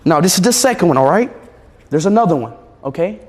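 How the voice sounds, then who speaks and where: A young man streaming from home with his pets, excitable, jumping between high shrieks and low mutters. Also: fast. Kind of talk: casual livestream chat. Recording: echoey room, faint background noise.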